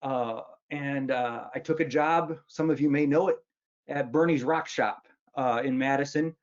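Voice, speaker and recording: A man in his fifties tells humorous stories about himself in a self-mocking, rambling way, with frequent restarts. His voice has a plain, middle pitch. The recording sounds somewhat dull and lo-fi. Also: measured pace. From Wisconsin, United States. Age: 50s. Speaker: author giving a luncheon talk. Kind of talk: humorous storytelling speech.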